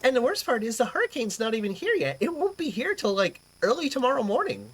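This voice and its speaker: A woman's voice: a little high, big pitch swings, quick pace, slightly rough. A young woman hosting a live stream, chatting casually, rambling and swearing freely as she reacts to chat. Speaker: livestream host.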